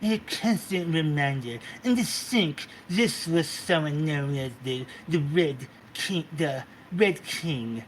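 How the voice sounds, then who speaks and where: A man's voice: a little high, animated, takes it slowly, few pauses. Man voicing a swaggering crude fae lord, mocking tone, slight hiss.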